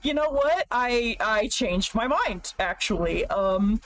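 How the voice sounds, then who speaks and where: A woman's voice: fairly high pitch, lively intonation, fairly bright tone, a little hiss or hum, low-quality recording. A woman doing blustery crude orc warriors. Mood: boastful, nervous. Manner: blustery, crude, quickly backing down. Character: rough male orc warriors, boastful then cowed.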